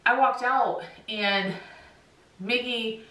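A woman's voice: on the high side, extremely slow, sharp tone. A middle-aged woman vlogging, telling a personal story to her viewers in a candid, chatty, heartfelt way. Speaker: dog-owner vlogger. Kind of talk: casual storytelling to camera. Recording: echoey room, voice a bit far from mic.

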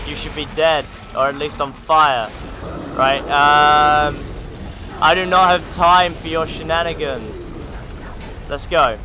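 Sarcastic man playing a game. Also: medium pitch. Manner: joking, sarcastic running commentary. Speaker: gaming channel host. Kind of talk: let's play commentary. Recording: game sound noise behind the voice.

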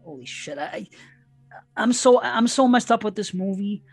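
A male podcast guest with a high-pitched voice and lively intonation chats casually about horror films at normal speed, rambling, interrupting himself and swearing plenty. There's no echo, with soft music in the background.

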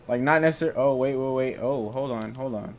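A young man narrating his own gameplay, joking around and shouting when he gets startled. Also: mid-range voice, a little fast, slight background noise. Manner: jokey, excitable, yells when startled. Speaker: gaming YouTuber. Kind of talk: let's play commentary.

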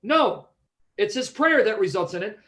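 A man leads a Bible study in a fairly high voice. He is emphatic and keeps quizzing his listeners to make sure they follow. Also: animated, moderate pace, a bit bright. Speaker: Bible teacher.

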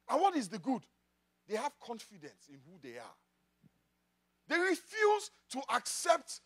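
A man preaching a sermon in church, swinging from loud declarations to quiet asides. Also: very high-pitched. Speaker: pastor.

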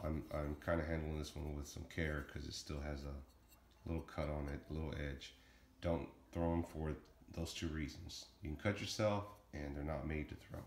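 A middle-aged man casually showing and reviewing his throwing knives, rambling with lots of ums. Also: extremely low pitch. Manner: rambling, many ums, talks fast and plainly. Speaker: knife-throwing hobbyist reviewing his blades. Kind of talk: casual show-and-tell vlog. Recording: echoey room with faint noise.

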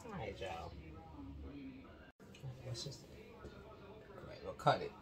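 A woman vlogger chatting casually with viewers while she bakes in her home kitchen, excitable and talking straight to them. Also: very deep voice, slow pace, low-quality recording. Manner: chatty, keeps addressing viewers as y'all; excitable, exclaiming. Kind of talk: casual chat while baking.

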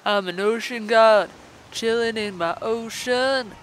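A woman's voice: a little high, slow pace, faint music behind, poor audio. A woman voicing a vain, boastful crab-like ocean god in a let's play, bragging smugly. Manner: smug, self-admiring bragging.

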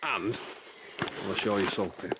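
A man's voice: low-pitched, moderate pace, background noise. Breathless man vlogging on a hillside. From England. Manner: chatty, rambling, self-interrupting. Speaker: wild camping vlogger. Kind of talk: casual outdoor vlog. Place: outdoors on a rural hillside.

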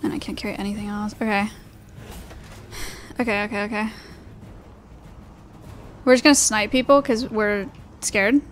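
A woman's voice: mid-range voice, steady tone, normal speed, long pauses, slight background noise. A young woman streaming a shooter game, chatting anxiously to her viewers and repeating herself as she plays. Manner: anxious, repetitive, talking to chat while playing. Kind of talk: live gaming commentary.

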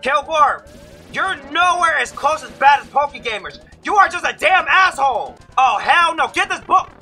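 A young man commentating his platform gameplay, ranting and yelling at the game as he fails levels. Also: extremely high pitch, very animated, normal speed, faint music behind. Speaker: streamer playing a platform game.

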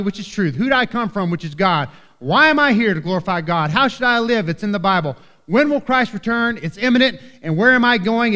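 A man with a high voice preaches in a church, his words ringing with long hall reverb. He talks to the congregation in an earnest, conversational way and keeps asking "right?". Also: bright, forceful tone. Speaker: pastor. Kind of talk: sermon. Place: church sanctuary.

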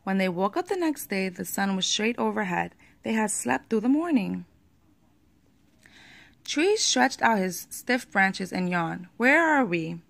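A woman reading a children's picture book aloud at a steady pace, with the odd small slip. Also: medium pitch, measured pace, creaky.

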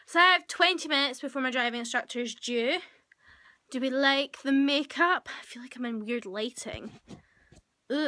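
Young woman vlogger, high and bright, animated gossipy storytelling, handheld camera at home. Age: young adult. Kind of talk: casual chatty vlog. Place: at home, indoors.

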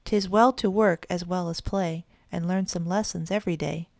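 A woman voicing a wise, ancient female cat who speaks in sing-song rhymes, with a low, gravelly voice. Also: fairly even intonation, moderate pace, darkish tone, no echo, clean studio sound, lightly acted. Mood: gently chiding. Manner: sing-song rhyming speech. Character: oldest cat in the world, a wise old female cat.

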